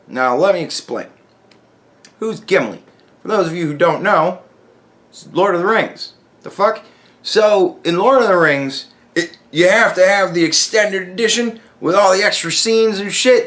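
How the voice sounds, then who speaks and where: A man hosting his own podcast, ranting in a loose, profane monologue full of swearing. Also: on the high side. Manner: animated, swearing constantly. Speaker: podcast host.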